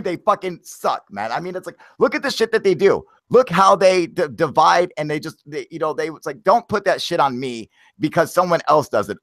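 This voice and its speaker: A man's voice: a little high, gravelly, a bit bright, no echo. Profane ranting man, dry close sound. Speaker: podcast host. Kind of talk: heated casual talk.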